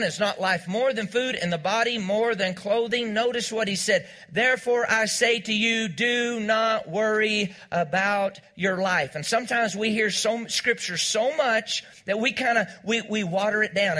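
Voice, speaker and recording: This pastor's voice is high, pushed and bright, moving at a normal pace with few pauses. Preaching in church, he repeats key lines and invites the congregation to echo them in call-and-response fashion.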